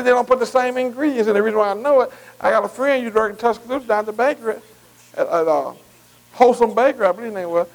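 A man's voice: extremely high pitch, poor audio. A man preaching a folksy sermon, calling out to the congregation. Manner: folksy, call-and-response preaching with dialect.

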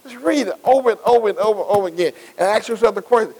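A man's voice: high-pitched, animated, fast, few pauses, a little mellow, poor audio. A male pastor preaching a sermon, asking the congregation rhetorical questions and repeating words as he builds. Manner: call-and-response preaching, frequent rhetorical questions.

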